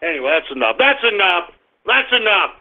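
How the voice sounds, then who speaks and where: A man hosting a call-in radio show, ranting and cursing at callers with bursts of shouting. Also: high voice, very animated, fairly quick. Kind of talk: irreverent call-in radio rant. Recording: tinny phone-like radio audio.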